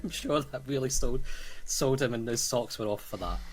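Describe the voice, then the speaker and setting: A man's voice: medium pitch, moderate pace. A man with a Scottish accent, co-hosting a casual podcast over a call and laughing often between phrases. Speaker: podcast co-host. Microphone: remote call mic.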